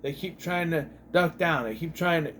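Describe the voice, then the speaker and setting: A man's voice: a little high, moderate pace, a bit bright, slight background noise. A man giving a casual, exasperated movie review, swearing freely and acting out lines from the film.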